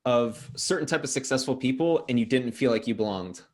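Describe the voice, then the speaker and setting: Quick-talking male interview host. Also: mid-range voice, animated, darkish tone. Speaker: channel host. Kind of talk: casual interview chat.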